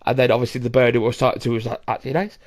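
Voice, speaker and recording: A man's voice: mid-range voice, level tone, racing. A young man hosting a podcast, telling rambling, sweary stories with frequent laughs and acted-out voices. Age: young adult. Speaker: podcast host. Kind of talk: casual storytelling.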